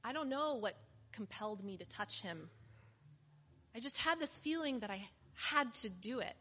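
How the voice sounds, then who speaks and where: A woman's voice: a little high, lively intonation, moderate pace, fairly bright tone. A woman performing a first-person dramatic monologue as a weary woman made whole after years of suffering, telling her story earnestly. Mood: heartfelt. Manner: earnest, heartfelt testimony. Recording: slightly muffled with faint hiss.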